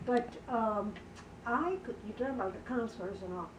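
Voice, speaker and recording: Higher-voiced woman recalling, distant and echoey. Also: a little fast. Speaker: mother telling of her daughter. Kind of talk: casual conversation. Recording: roomy, distant, faint background noise.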